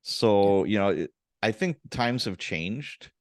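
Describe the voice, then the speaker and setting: A man hosting a podcast, telling stories from his police days in a casual, animated and profane way. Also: lowish voice, takes it slowly, dry recording, studio quality. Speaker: podcast host, former police officer. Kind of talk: casual interview chat, storytelling.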